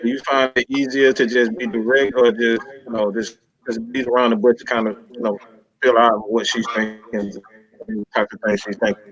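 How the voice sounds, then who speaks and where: Man, podcast host, animated, probing questions, muffled lo-fi audio. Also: mid-range voice, moderate pace. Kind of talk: casual chat. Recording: dull lo-fi recording.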